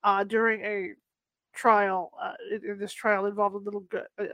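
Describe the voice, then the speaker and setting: Ex-reporter host, emphatic and halting delivery, dry close recording. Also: medium pitch, little pitch movement, sharp tone, no room sound. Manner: emphatic, halting with many restarts. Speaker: interviewer, former news reporter. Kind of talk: interview conversation.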